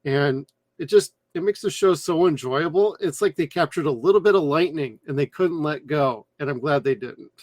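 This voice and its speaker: A man's voice: a little high, moderate pace, darkish tone, no echo. A man co-hosting a podcast, chatting casually and enthusiastically, rambling a little as he reviews a cartoon series. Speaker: podcast co-host. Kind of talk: casual chat.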